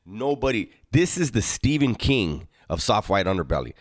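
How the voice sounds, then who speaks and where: A man's voice: on the low side, sing-song, moderate pace, no echo, studio quality. A man hosting a casual chat, teasing and commenting on a guest's story. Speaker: podcast host.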